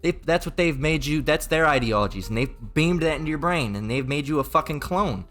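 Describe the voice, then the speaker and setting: A man's voice: fairly high pitch, expressive, a little fast, fairly bright tone. A man preaching in a profane, rambling rant, mocking and crude, with many repeats and stumbling restarts.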